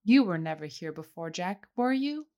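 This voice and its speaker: A man's voice: high voice, expressive, normal speed, warm tone. A woman reader voicing a jovial, boisterous man who keeps exclaiming and sneezing. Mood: cordial.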